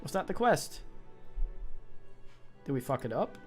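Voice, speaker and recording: A man's voice: fairly high pitch, sing-song, measured pace, soft background music. A man streaming a game live, making casual swearing asides and mocking remarks.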